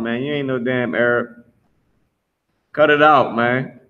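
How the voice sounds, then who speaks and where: A man teaching a live online language class, drawing out drilled words slowly and talking bluntly. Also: mid-range voice, fairly even intonation, sharp tone, lo-fi sound. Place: Philadelphia.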